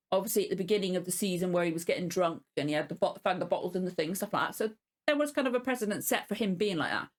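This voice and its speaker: A woman giving a casual spoken review as a reaction video host, ranting in exasperation, swearing often and apologizing as she goes. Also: medium pitch.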